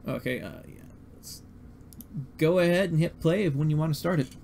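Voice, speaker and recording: A man's voice: fairly high pitch, normal speed, creaky, darkish tone. A man with a slightly raised voice runs a livestream in an easygoing way. He talks his co-host through fixes step by step and drops fillers as he goes. Faint noise hums in the background. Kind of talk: casual livestream chat.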